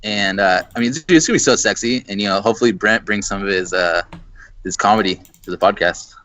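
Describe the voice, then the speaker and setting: A man's voice: lowish voice, fast, fairly bright tone, rough recording. A man hosting a podcast in loose casual chat, swearing and filling with "uh" and "like". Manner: loose, swears, many fillers.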